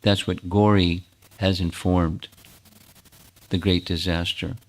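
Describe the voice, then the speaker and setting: A man, a spiritual teacher, retelling a sacred story in a sermon, animated with small restarts. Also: low voice, takes it slowly.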